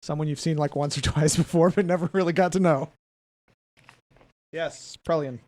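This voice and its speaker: A man narrating as game master of a tabletop game, lively and often laughing as he describes the action. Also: on the high side, normal speed, dry recording.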